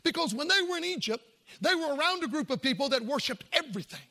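Man, pastor, sermon, high-pitched, bright, emphatic, folksy. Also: sing-song, fast. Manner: folksy, emphatic Southern-style preaching with jokes and asides.

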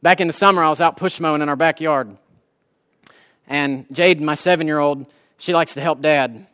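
A man's voice: fairly high pitch, normal speed, fairly bright tone, smooth. A man, preaching a sermon in a folksy, impassioned way. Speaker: pastor.

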